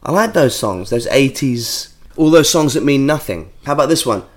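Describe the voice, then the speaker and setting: A man's voice: mid-range voice, lively intonation, normal speed. A man co-hosting a podcast, chatting casually, telling jokey stories and breaking into bits of songs. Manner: jokey, storytelling, bursts into singing song lines. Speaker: podcast co-host. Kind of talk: casual chat.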